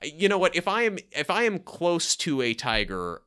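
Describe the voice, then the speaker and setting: A man's voice: on the high side, sing-song, normal speed, fairly bright tone, clear, resonant tone. A man co-hosting a podcast, chatting casually in a rambling, self-correcting way and laughing often. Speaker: podcast co-host. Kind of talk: casual chat.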